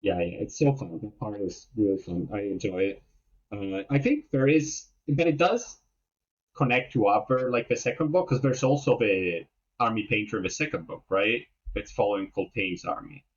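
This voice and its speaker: A low-voiced man with a husky tone co-hosting a book podcast in easygoing, hesitant chat. His audio sounds dull and lo-fi. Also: normal speed. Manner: easygoing, hesitant, many fillers. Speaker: podcast co-host. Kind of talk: casual book discussion.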